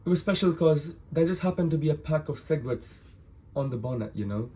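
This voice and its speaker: A man telling a personal story to the camera in a casual, animated way, swearing often and acting out the other people in it. He sounds hungover. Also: a little high, brisk, a little hiss or hum.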